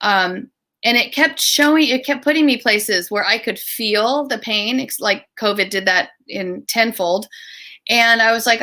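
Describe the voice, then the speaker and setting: A middle-aged woman, a guest author and speaker, telling stories in an online interview, lively and acting out the voices she quotes. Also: mid-range voice, measured pace.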